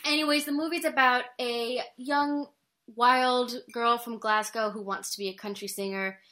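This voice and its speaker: Woman, podcast co-host, casual chat, rambling, laughs, bright, slightly high voice. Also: steady tone, normal speed. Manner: chatty, rambling, laughs often. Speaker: podcast co-host reviewing movies.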